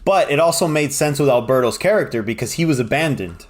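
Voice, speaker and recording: Casual male film-review co-host, animated, self-correcting, quotes scenes in voices. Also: mid-range voice, quick pace. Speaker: podcast co-host.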